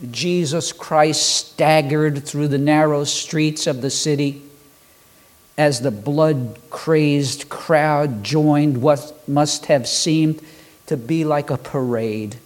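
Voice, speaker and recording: A man preaching a sermon, building rhythmic lists and pausing for dramatic effect. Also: fairly high pitch, fairly even intonation. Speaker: pastor.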